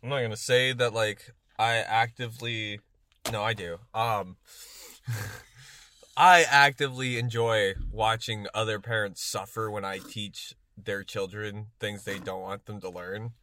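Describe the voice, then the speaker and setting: A man's voice: fairly low pitch, a little slow. A man in his twenties from Texas, telling a story in a casual podcast chat, laughing often and acting out the voices in it. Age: 20s. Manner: laughing, animated storyteller who acts out voices. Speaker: podcast co-host. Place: in a car.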